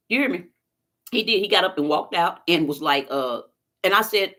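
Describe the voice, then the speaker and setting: A woman's voice: medium pitch, very animated, a little fast, pushed and bright. A woman chatting casually to viewers on a live stream, telling stories in a folksy, talkative way. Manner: chatty storyteller, talks straight to viewers, folksy phrasing. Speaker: vlogger doing a live stream.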